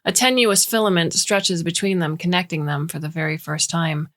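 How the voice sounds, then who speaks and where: A woman reads a story aloud in a measured, clear way. Her voice is low for a woman and steady, the calm voice of an audiobook narrator. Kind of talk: scripted narration.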